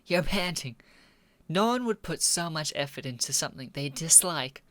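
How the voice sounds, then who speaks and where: A man voicing a sharp, confrontational young woman basketball player who fires accusing questions. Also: on the high side, expressive, moderate pace, dry recording. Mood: suspicious.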